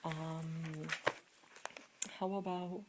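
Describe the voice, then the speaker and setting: A woman gives a casual Spanish lesson on video, repeating every example word several times and asking viewers quiz questions. Her deep voice barely moves in pitch, and she speaks extremely slowly. The recording is very noisy.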